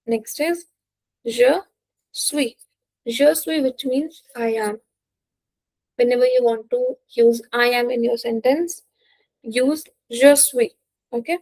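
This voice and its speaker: A woman's voice: fairly high pitch, a little mellow, no room sound. A young woman teaching a beginner French lesson, patiently repeating each word and checking in with "okay?". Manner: patient, repeats words, says "okay?" often; non-native English phrasing. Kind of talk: slow beginner language lesson.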